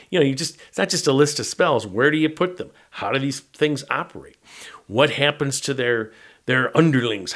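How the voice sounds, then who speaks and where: A middle-aged man with a medium-pitched, slightly bright voice works as a tabletop game master. He gives a casual, rambling walkthrough of a game module, often tacking "right?" onto his sentences.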